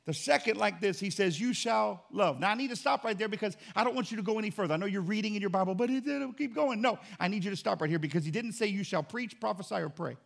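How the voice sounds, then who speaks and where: A man preaching a sermon as pastor, emphatic and repetitive in cadence, swinging between loud and quiet. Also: high-pitched, animated, very fast, creaky, hardly any pauses. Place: church.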